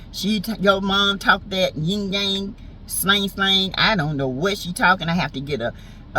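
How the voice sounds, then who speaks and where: A woman's voice: on the low side, bright, forceful tone, a little hiss or hum, poor audio. A woman with a Southern US accent giving a sassy, teasing, slangy recap of a reality show in casual chat. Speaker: TV show reviewer.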